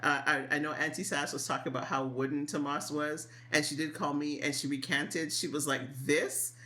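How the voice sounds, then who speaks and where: A woman co-hosting a casual podcast, giving blunt opinions with expressive delivery and laughter. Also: low voice, moderate pace. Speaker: podcast co-host. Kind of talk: casual chat.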